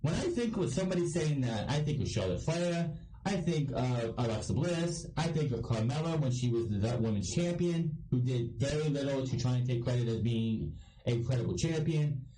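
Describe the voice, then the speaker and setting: A man's voice: medium pitch, animated, moderate pace, mellow, roomy sound, far from the mic, low-quality recording. A man from Ohio giving a casual wrestling review, blunt and ranting, swearing freely. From Ohio, United States.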